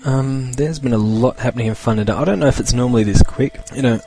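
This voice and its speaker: A man's voice: mid-range voice, quick pace, loud music behind the voice. A young Australian man hosting a casual solo podcast, rambling loosely and chuckling as he talks. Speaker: podcast host.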